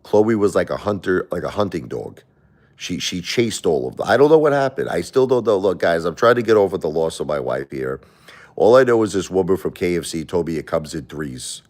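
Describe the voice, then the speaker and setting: Middle-aged guy on a livestream, super deep voice, rambles and repeats himself, gets emotional and defensive. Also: lively intonation, a little fast, darkish tone. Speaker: livestream host. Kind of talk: emotional livestream chat with viewers.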